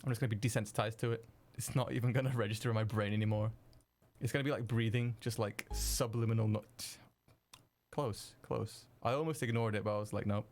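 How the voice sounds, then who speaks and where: A young man streaming while he edits video, chatting casually with viewers, excitable and swearing freely. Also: lowish voice, fast talker. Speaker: streamer editing video live. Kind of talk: casual live-stream chat.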